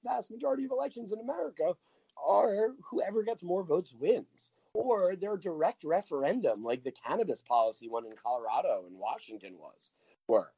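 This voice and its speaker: A man's voice: fairly high pitch, mellow, husky, dry recording, rough recording. Earnest man, dry close sound. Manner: earnest, thinks aloud with many fillers and restarts. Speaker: guest from a voter turnout nonprofit. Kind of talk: casual conversational interview.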